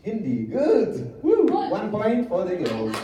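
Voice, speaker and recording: A woman's voice: medium pitch, wildly swooping pitch, slow, mellow, a little hiss or hum. Playful woman quizzing a class, echoey room. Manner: playful, teasing. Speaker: visiting musician leading a class. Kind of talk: classroom language quiz with songs. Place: school music classroom. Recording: echoey room, mic far off.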